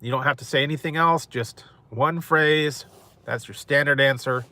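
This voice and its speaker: A man's voice: medium pitch, moderate pace, bright, forceful tone. A man hosting a food mukbang, chatting casually with live viewers and rambling, chuckling often. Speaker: mukbang host.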